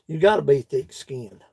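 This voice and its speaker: A man's voice: medium pitch, vocal fry, mellow, husky, dry recording. A man with a Kentucky accent chatting casually with his livestream viewers in a folksy, laughing country drawl. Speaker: woodworking livestream host. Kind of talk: casual chat reading live comments.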